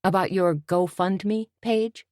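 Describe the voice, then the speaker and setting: A woman's voice: medium pitch, steady tone, slow pace, darkish tone, dry recording, studio quality, voice pushed up, natural voice. A woman voicing a scruffy, dim-witted, scheming man who speaks in folksy slang. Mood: boastful.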